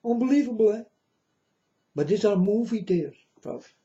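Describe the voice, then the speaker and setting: A man's voice: high-pitched, lively intonation, normal speed, mellow. A man hosting his own channel, delivering a blunt, scornful, preachy ranting monologue. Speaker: channel host. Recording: dull lo-fi recording.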